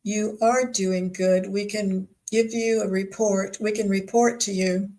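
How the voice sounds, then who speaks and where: A woman speaking as a group of spirit guides, giving measured, reassuring messages in a spiritual channelling session. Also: mid-range voice, steady tone, mellow, lightly acted, low-quality recording. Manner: slow, measured, reassuring pronouncements.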